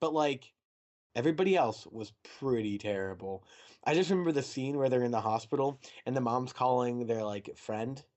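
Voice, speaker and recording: A young man in a relaxed podcast conversation, with a middling pitch. He talks in a chatty, animated way. He slips easily into mocking asides. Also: moderate pace. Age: young adult. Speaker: podcast co-host. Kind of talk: casual chat.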